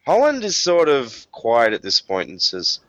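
A man narrating as game master of a tabletop role-playing game in a measured way. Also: medium pitch, huge pitch swings, a bit bright, no echo, muffled recording.

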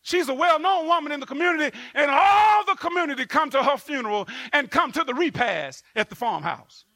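A man preaching a sermon and telling a story, with animated delivery and sudden loud bursts. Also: extremely high pitch, fairly quick, no echo.

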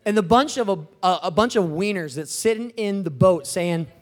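A male preacher giving a high-energy sermon, shouting out exclamations. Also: animated, normal speed.

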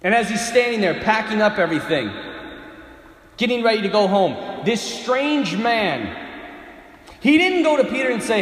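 Animated preacher with a booming hall echo. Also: male voice, moderate pace. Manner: dramatic storytelling, swinging from loud to hushed. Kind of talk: sermon. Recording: echoey hall with long reverb.

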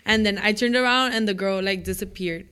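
A woman's voice: mid-range voice, fairly quick, clean tone. Chatty teenage girl telling a ghost story. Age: teens. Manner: animated, says like often, acts out quotes. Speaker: student club member. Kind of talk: casual storytelling chat.

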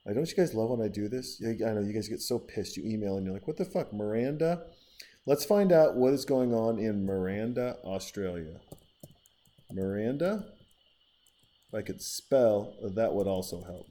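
A man hosting a podcast, chatting casually in a rambling, profane way and giving shout-outs to listeners. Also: lowish voice, normal speed. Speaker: podcast host.

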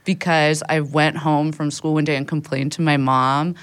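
A woman's voice: low-pitched, little pitch movement, normal speed, clear, resonant tone. A woman co-hosting a podcast, talking bluntly and sarcastically and swearing freely. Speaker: podcast co-host. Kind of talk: casual podcast banter.

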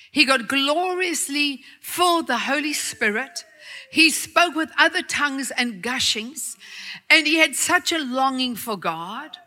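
A middle-aged woman preacher tells a personal story to her church in a high, very bright voice. She chats warmly, laughs often and mocks herself in asides. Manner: chatty and laughing, self-mocking asides. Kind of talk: storytelling sermon.

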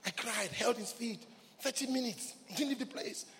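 A man preaching a sermon as pastor in a church, swinging from hushed lines to shouts and repeating key words. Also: very high-pitched, expressive, normal speed, big-room sound.

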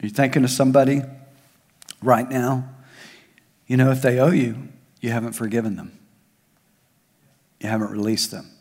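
A male pastor preaching a sermon, swinging between raised emphasis and soft, hushed asides. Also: medium pitch, fairly even intonation, normal speed, pauses often. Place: large church hall. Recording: long hall reverb.

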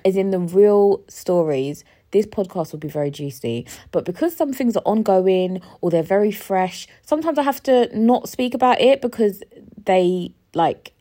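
A young woman hosting a podcast, telling a story in a chatty, expressive way, swearing freely and repeating herself for emphasis. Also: mid-range voice. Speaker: podcast host. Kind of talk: casual storytelling monologue.

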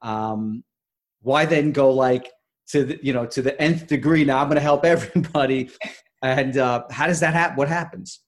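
A man hosting an interview, asking long questions full of restarts and fillers. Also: medium pitch. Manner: rambling, halting questions. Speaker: host. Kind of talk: conversational interview.

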